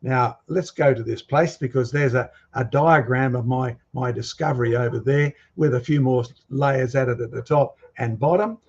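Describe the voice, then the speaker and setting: A man lectures a live audience from his slides, pressing his points hard and firing challenging questions at the room. His voice sits at an ordinary middle pitch. The recording sounds a little dull and lo-fi. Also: normal speed, few pauses, a little mellow. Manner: emphatic, quizzing the audience with provocative questions. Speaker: guest lecturer.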